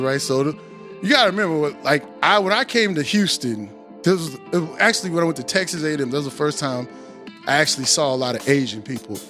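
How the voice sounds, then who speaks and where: Forties male podcast host, high bright voice, profane animated storyteller, faint music behind. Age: 40s. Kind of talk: casual podcast monologue. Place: home recording studio.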